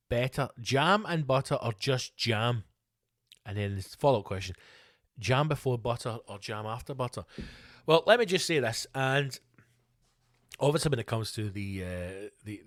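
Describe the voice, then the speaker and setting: Scottish man, podcast host, sweary comic rant, mid-pitched voice, dry close sound. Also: dry recording. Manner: sweary, animated ranting with comic put-on voices. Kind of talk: ranting solo podcast.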